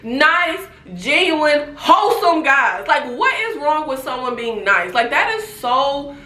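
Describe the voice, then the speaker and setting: A woman recapping a TV series in casual chat, sassy and animated, laughing often. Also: sits high, slow. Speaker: TV recap host. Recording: echoey room.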